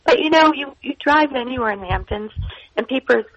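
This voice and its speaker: A woman's voice: high voice, lively intonation, quick pace, fairly bright tone, lo-fi sound. A woman guest chatting casually, rambling with fillers and restarts as she tells a story. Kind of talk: casual chat.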